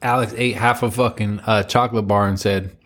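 A man's voice: on the low side, fairly even intonation, brisk, fairly bright tone. A man co-hosting a casual chat, laid-back and profane, joking around. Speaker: podcast co-host.

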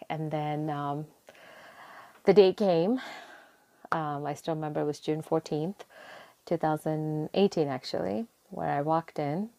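A young woman telling a personal story in conversation, acting out her own past words with rising excitement. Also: sits low, a little slow, vocal fry. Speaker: interview guest.

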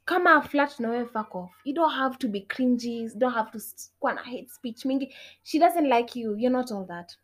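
An outspoken young woman venting her views straight to camera. Her speech lurches from sharp, loud bursts down to near-whispered muttering, peppered with curses and Swahili phrases. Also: animated, normal speed. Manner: outspoken, swears a lot, switches between English and Swahili; swings from loud outbursts to low muttered asides. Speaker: vlogger. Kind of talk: casual opinion rant.

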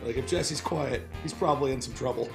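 A man's voice: mid-range voice, brisk, creaky, over music. Chatty podcast host man, laughing often. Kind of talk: casual podcast chat.

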